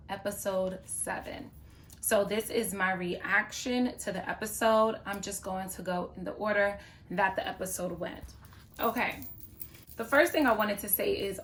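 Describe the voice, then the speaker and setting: A woman's voice: mid-range voice, a bit bright, slight background noise. A woman talking to camera in a casual reaction vlog, chatty and opinionated, with playful asides. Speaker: YouTuber reviewing a reality show.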